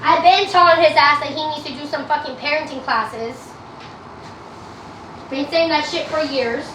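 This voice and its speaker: In a reverberant room with a noisy background, a high-pitched adult woman chats on a casual TikTok livestream from her home, talking back to viewers at a moderate pace in a blunt, profane rant.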